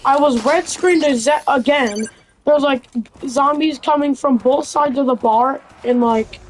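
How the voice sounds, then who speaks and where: A woman's voice: high-pitched, unhurried, a little hiss or hum, rough recording. A woman with a youthful-sounding voice chatting casually while gaming. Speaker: gamer.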